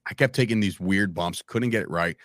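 A man telling stories as a podcast guest in a casual, animated way, acting out quoted lines and calling the listener "bro" and "man". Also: low-pitched, brisk, no room sound, studio quality. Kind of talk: casual storytelling chat.

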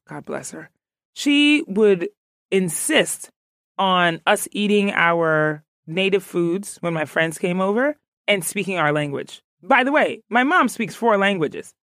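A woman from Ghana, a podcast guest, chatting in an animated, playful way and laughing often. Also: medium pitch, unhurried, no room sound, studio quality. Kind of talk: casual interview chat.

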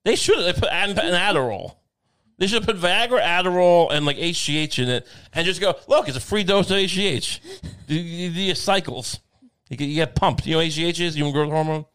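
A man's voice: on the high side, fairly quick, fairly bright tone, clear, resonant tone. A man co-hosting a podcast, chatting casually with rambling, profane jokes. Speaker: podcast co-host. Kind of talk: casual chat.

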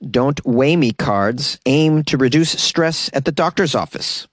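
A man's voice: medium pitch, expressive, measured pace, no room sound. A man hosting a comedic news show, reading odd stories with sarcastic asides and laughter.

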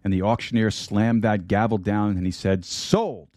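A middle-aged man preaching a sermon and telling a story, slowing down to stress key words. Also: fairly low pitch, fairly even intonation, a little mellow, no room sound, clean studio sound.

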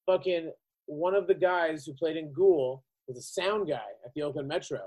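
A man's voice: a little high, normal speed, darkish tone, husky, poor audio. A man telling a profane road story in casual podcast chat, acting out the people he quotes. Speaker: podcast guest.

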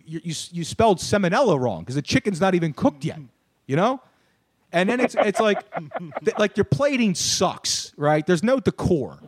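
A young man rants on a podcast, his voice high for a man and swinging wildly in pitch. He curses freely and shouts his punchlines. The sound is close and dry, with no room around it. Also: dry recording. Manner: animated ranter, swears, shouts punchlines. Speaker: podcast co-host. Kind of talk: casual ranting chat.

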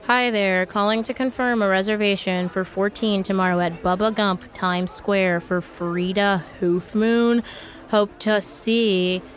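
A woman playing a deadpan restaurant employee confirming a reservation. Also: mid-range voice, measured pace, close to an everyday voice. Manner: flat, deadpan. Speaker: restaurant caller.

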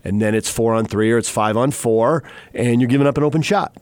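A man's voice: medium pitch, brisk, darkish tone, dry recording. A man hosting a sports radio show, chatting and teasing his co-host, then reading the news update in a studio. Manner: chatty, teasing, laughs often.

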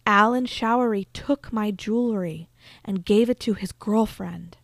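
An insistent whispering spirit of a murdered woman, as a woman telling the story puts her on, pressing her demands in a hushed voice. The sound is close and dry. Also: medium pitch, a little slow, vocal fry, dry recording. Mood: stern.

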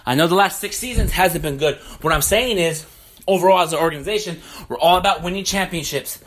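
A man's voice: high-pitched, fairly quick, fairly bright tone. A young man hosting a sports podcast, delivering a heated, profane, repetitive rant to listeners. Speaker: podcast host. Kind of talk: ranting sports podcast monologue.

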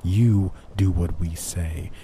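A man doing a slow, menacing secret agent. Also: low voice, fairly even intonation, mellow, slight background noise. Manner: slow, threatening, clipped.

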